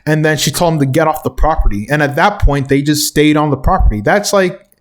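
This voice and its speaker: A man's voice: fairly high pitch, brisk. Indignant man ranting in commentary. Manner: indignant, ranting, self-correcting with chuckles. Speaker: commentary host. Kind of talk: reaction commentary.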